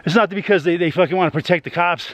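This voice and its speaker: A man's voice: high voice, quick pace, a bit bright, no room sound. A man venting to his YouTube audience in a rambling, heavily profane monologue, ending many lines with "man.".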